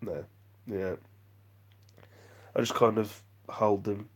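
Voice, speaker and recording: A man's voice: on the low side, fairly even intonation, slow pace, darkish tone, breathy edge. A man chatting on a live vlog stream, rambling and self-deprecating as he reads out viewer comments. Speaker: vlogger.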